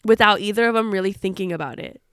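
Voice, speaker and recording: A young woman co-hosting a casual book podcast, animated and laughing as she retells scenes. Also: mid-range voice, quick pace, clear, resonant tone, no room sound, studio quality. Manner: animated, laughing, acts out character lines. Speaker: podcast co-host.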